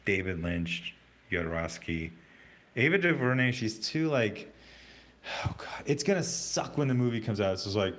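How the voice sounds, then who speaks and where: A man hosting a casual livestream, reading out chat comments in a rambling, halting way with many fillers and restarts. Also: fairly low pitch, lively intonation.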